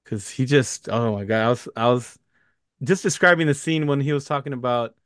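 A man co-hosting a casual movie podcast, animated and laughing as he retells scenes. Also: medium pitch, normal speed, no room sound, studio quality. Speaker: podcast co-host.

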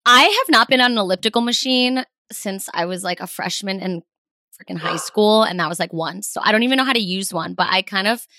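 A woman's voice: medium pitch, a little fast, bright, forceful tone, no echo, clean studio sound. A woman hosting a podcast, chatty and teasing in casual conversation. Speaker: podcast host.

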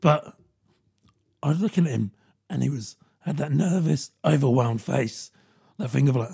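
British man, thirties, gravelly, husky, lively pitch, casual comedy rant. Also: normal speed. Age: 30s. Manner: rambling, self-mocking, laughs often.

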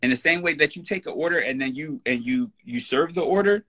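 A man's voice: on the high side, lively intonation, a little fast, a bit bright, husky. A man speaking as a guest in a casual podcast conversation, emphatic, blunt and profane. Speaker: personal trainer.

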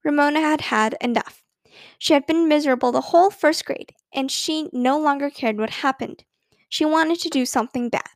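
A woman reads a children's story aloud with an expressive, storytelling delivery. Her voice is high and light. The recording is close and dry. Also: moderate pace, dry recording. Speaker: narrator. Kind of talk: scripted narration.

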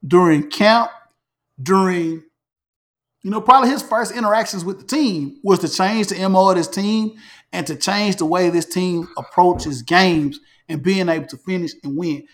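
A man hosting a casual sports talk show, animated, repeating himself and restarting phrases as he makes predictions. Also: high voice. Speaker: podcast host.

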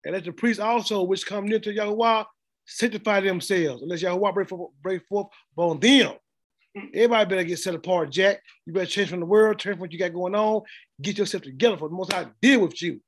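A man's voice: high voice, fast talker. A middle-aged man preaching a blunt, informal sermon and laughing often as he speaks. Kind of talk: street sermon.

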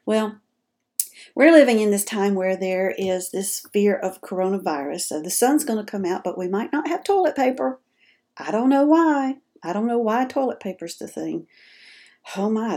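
A woman's voice: on the high side, expressive, normal speed, creaky, warm tone. A woman hosting a caregiving podcast, giving chatty, direct advice to listeners. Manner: chatty and direct, addresses listeners as folks and y'all. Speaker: podcast host, dementia caregiving advisor. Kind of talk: folksy advice talk.

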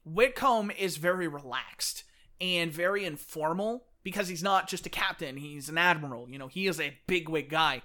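Man, podcast co-host, bright tone, animated, acts out quotes, casual chat. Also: on the high side. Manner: animated, fast-talking enthusiast who acts out characters' lines. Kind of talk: casual chat about books.

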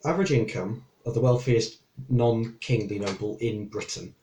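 A man's voice: fairly low pitch, moderate pace, mellow. A man playing a tabletop game, rambling with many hesitations and restarts as he explains. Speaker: player. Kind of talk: casual chat at a game table. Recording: echoey room with faint noise.

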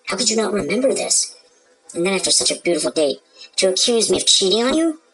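A woman's voice: mid-range voice, big pitch swings, fast talker, a bit bright, faint music behind, low-quality recording. A woman playing a concerned wife in a scripted comedy sketch, earnestly explaining herself to her husband. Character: devoted, puzzled wife in a skit.

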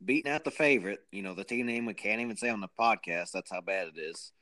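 A man's voice: lowish voice, fast talker, bright, forceful tone. A man co-hosting a podcast, rambling and joking in a self-mocking way. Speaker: podcast co-host. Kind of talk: casual chat.

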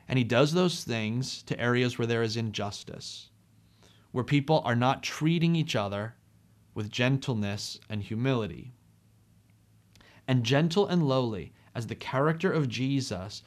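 A man preaching a sermon, speaking expressively and with emphasis, dropping soft on key phrases. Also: mid-range voice.

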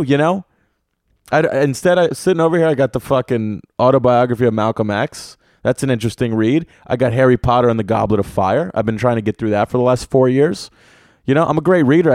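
Young dude solo podcast rant, cusses every other word, mid voice, super dry close mic. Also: male voice, medium pitch, dry recording. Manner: profane, animated storytelling with lots of swearing. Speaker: podcast host. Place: room with an air conditioner.

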